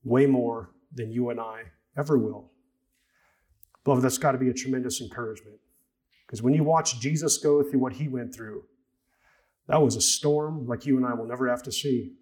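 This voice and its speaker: A man's voice: mid-range voice, normal speed, darkish tone, slightly rough. A man preaching a sermon, earnest, reading a story aloud to his congregation. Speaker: pastor.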